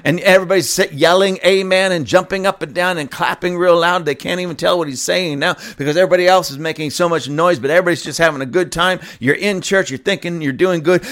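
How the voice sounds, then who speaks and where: A man's voice: a little high, brisk, a bit bright. A male pastor delivering a fiery, emphatic sermon, mocking and chuckling as he goes.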